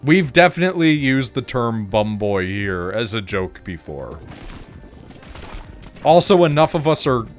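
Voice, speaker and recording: A man chats casually while streaming a game, rambling through restarts and tossing in casual swearing. His pitch moves in a lively, animated way as he talks. Faint music plays in the background. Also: measured pace. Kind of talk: casual chat while gaming.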